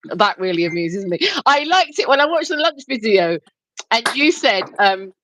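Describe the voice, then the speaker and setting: A woman's voice: medium pitch, big pitch swings, normal speed, noisy background. A British woman co-hosting a livestream, chatty and giggly as she reads viewer comments aloud. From United Kingdom. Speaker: co-host reading chat. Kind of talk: casual livestream chat.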